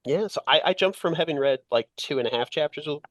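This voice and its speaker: A man's voice: a little high, fast talker, no echo. A man co-hosting a comics podcast, talking in a rambling casual way with many fillers and restarts. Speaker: podcast co-host.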